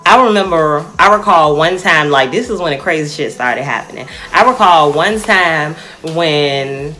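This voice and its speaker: A young woman telling a personal story to her viewers in a casual, animated way, often calling them y'all. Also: deep voice, a little slow, faint music behind.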